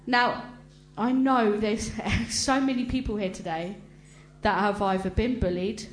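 An earnest woman shares a personal testimony before a congregation, speaking slowly and deliberately. Her delivery is halting, with restarts, and her voice breaks with emotion at times. The sound is roomy, with a faint hum underneath. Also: medium pitch, steady tone.

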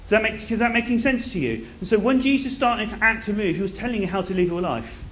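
Preacher guy, lively storytelling, voice a bit on the high side, faint hiss behind. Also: fast. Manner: animated storytelling, drops to quiet intensity. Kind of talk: sermon.

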